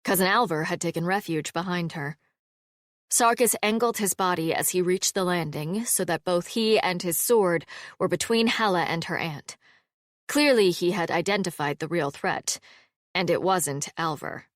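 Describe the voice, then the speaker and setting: A woman narrating a fantasy audiobook in an even, measured storytelling manner. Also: fairly low pitch, no room sound, clean studio sound.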